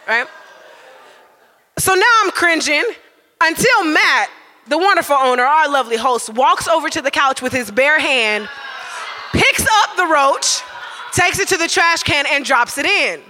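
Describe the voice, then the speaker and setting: A man tells a comic story live, animated and constantly checking in with "right?". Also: very high-pitched, in a large hall. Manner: animated, keeps asking "right?".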